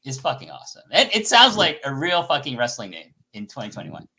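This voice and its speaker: A man's voice: medium pitch, wildly swooping pitch, brisk, bright, forceful tone. A man speaking as a guest in a casual podcast chat, blunt and sweary and full of energy.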